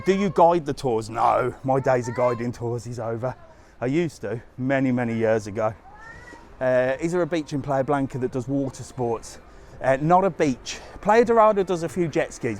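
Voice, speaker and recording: A man's voice: medium pitch, moderate pace, a little mellow, slight background noise. A man livestreaming as a travel vlogger, chatting bluntly and casually while he walks along a seafront outdoors, talking into a handheld phone. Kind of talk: casual live walking stream.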